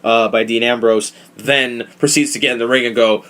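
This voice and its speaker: A man hosting a casual podcast, talking in a profane, animated, opinionated way. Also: mid-range voice, moderate pace, few pauses. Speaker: podcast host. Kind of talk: casual wrestling podcast chat.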